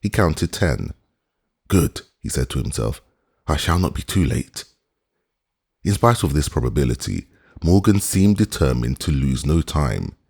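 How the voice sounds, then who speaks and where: Male audiobook narrator, very deep voice with a husky edge, lively and expressive. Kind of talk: scripted narration of a classic novel.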